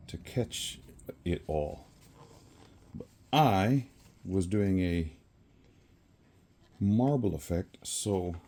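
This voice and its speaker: This man has a low, dark-toned voice with a slight hiss or hum on the recording. A resin crafter in his home workspace, he chats his way through a pour with the camera on a tripod, rambling, correcting himself, and laughing at his own slips.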